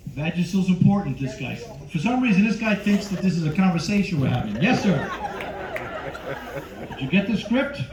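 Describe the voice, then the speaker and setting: A man's voice: high voice, very animated, moderate pace. A middle-aged man doing live stand-up comedy on a cruise ship stage, teasing the crowd brashly. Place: cruise ship show lounge. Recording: roomy, dull live stage sound. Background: audience laughter.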